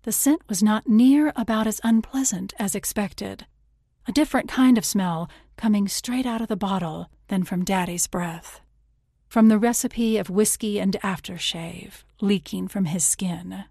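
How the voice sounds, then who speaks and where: A woman reading a first-person literary audiobook in a measured, intimate way, slipping into whispers on tender passages. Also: medium pitch, vocal fry, dark tone, no echo, clean studio sound. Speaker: audiobook narrator.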